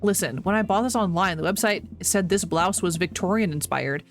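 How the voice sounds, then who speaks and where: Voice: medium pitch, a little fast, soft background music, natural voice. Damien, a streamer putting on a haughty Victorian dandy. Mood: indignant. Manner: formal, haughty, overly proper diction. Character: pompous young man obsessed with Victorian fashion.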